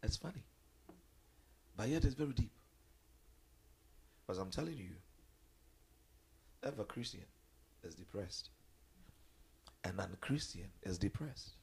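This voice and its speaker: A man preaching a sermon, animated, swinging between loud high outbursts and low quiet stretches. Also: a little slow, creaky, long pauses, breathy edge. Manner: animated, acts out quoted voices with big jumps in pitch.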